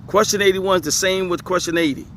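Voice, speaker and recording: Guy going through bible questions, kinda high bright voice, keeps repeating himself, faint traffic behind. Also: steady tone, fast talker. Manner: repetitive and emphatic, chuckling often. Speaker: religious teacher. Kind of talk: casual scripture teaching video.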